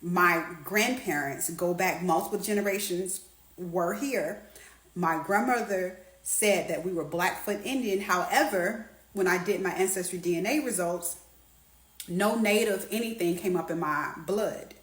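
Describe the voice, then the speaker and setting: A woman's voice: fairly low pitch, a little slow, fairly bright tone, echoey room, poor audio. A woman giving a heated, defiant monologue with an indignant edge. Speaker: social media commenter.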